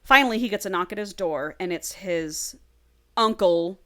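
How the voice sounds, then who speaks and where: A woman's voice: lowish voice, moderate pace, a bit bright. A woman casually retelling a book's plot on a podcast, swearing freely and acting out the characters' lines. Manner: chatty, swears freely, acts out dialogue. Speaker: podcast co-host.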